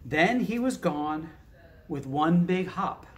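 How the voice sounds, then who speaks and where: A man's voice: on the high side, expressive, slow. A man reading a picture book aloud, adding casual asides and thoughtful hums between lines. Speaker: narrator.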